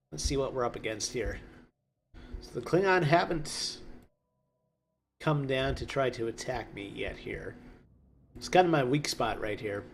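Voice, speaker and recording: A man's voice: mid-range voice, slight background noise. A man hosting a let's play, talking casually through a strategy game and drifting into joking asides as he plays. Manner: rambling, musing aloud with joking asides. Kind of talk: casual gameplay commentary.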